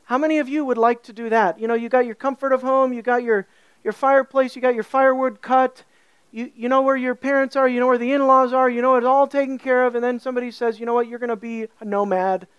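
A woman preaching a sermon, animated, asking her listeners questions and stretching key words slowly for emphasis. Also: high voice, clear, resonant tone, no echo, lo-fi sound.

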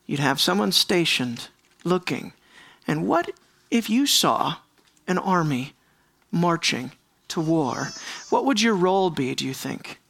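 A man preaching an expository sermon as pastor, conversational, asking the congregation questions and slowing down to stress words. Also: high-pitched, sing-song, creaky, fairly bright tone, no room sound. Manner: conversational, asks the congregation questions, slows for emphasis.

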